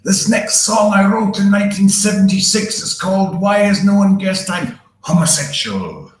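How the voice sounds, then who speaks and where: A man impersonating a flamboyant male rock singer who is shouting to a stadium crowd, in a roomy-sounding recording. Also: sits high, expressive, normal speed, pitched above the performer's own voice. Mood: grandiose. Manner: bombastic showman shouting. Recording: roomy echo.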